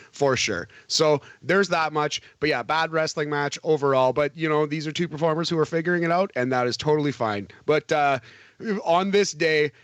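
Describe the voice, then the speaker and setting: Man, slightly high voice, animated casual podcast chat, dry close sound. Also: no echo. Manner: animated, swears, laughs often. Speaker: podcast co-host.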